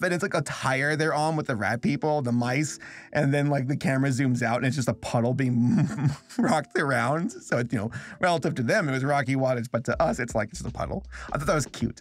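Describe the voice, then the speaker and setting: American male reviewer, casual rambling commentary, mid-range voice. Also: medium pitch. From United States. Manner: loose, joking, rambling with fillers. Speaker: online film reviewer.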